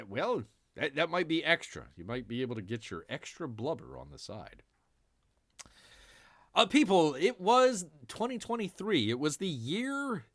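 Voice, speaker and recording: A man's voice: fairly high pitch, fairly bright tone, dry recording, studio quality. A man hosting a casual livestream, joking and sarcastic, calling himself by his nickname in third person and addressing the audience as "people". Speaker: livestream host. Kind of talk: casual livestream news chat.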